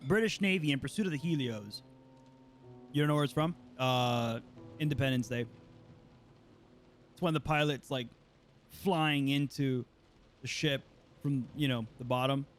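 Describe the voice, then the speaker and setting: A man's voice: mid-range voice, slight background noise. A man streaming a game, talking casually with slang, swearing and lots of fillers as he plays. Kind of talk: let's play commentary.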